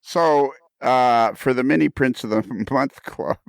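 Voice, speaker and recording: A man hosting a casual podcast conversation, enthusiastic and quick to laugh, often repeating his words, heard on a close mic. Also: medium pitch, gravelly, no room sound. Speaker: podcast host.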